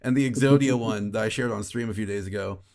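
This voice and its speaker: A man hosting a podcast in casual chat, excitable and stammering, with frequent swearing. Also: fairly low pitch, fast, vocal fry.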